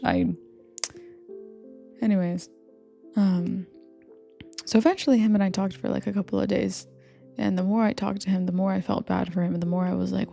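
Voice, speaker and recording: A young woman rambling softly in a confiding comfort audio, partly whispered, with lots of fillers. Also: mid-range voice, fairly even intonation, normal speed, gravelly, pauses often. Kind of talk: soft whispered rambling monologue. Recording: faint music behind. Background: soft background music.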